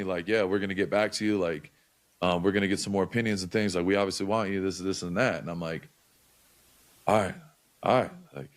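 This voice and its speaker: A young man talking casually as a podcast guest, swearing often and filling his talk with likes and restarts. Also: low voice. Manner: loose, profane, many likes and restarts. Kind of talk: casual storytelling chat.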